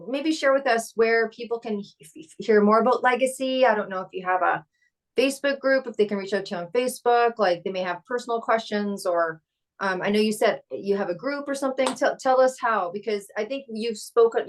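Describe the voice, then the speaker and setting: Female podcast host, casual and lively, mid pitch, acts out quotes. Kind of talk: casual interview chat.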